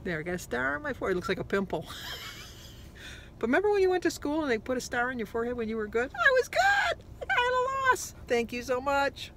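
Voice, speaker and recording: A woman vlogging her weight-loss diary in a casual, chatty way, an animated storyteller who acts out both sides of conversations, upbeat and self-deprecating. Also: on the high side, rapid-fire, hardly any pauses, background noise.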